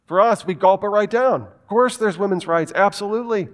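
A man's voice: sits high, a little fast. A man preaching a sermon in an emphatic way, asking rhetorical questions and making joking asides.

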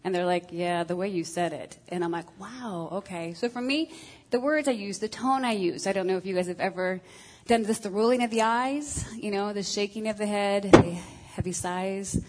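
A woman's voice: medium pitch, normal speed, a little mellow, rough recording. A woman giving a frank, self-deprecating talk on marriage to a group, with many ums and uhs. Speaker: speaker on marriage. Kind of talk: candid talk to a group of women.

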